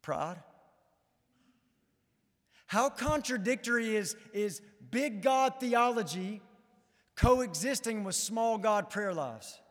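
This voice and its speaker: A male pastor preaching a sermon to his congregation in a church, earnest and swinging between fervent emphasis and quiet, low appeals. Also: lively intonation, slow, long pauses. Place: church sanctuary. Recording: long church-hall reverb.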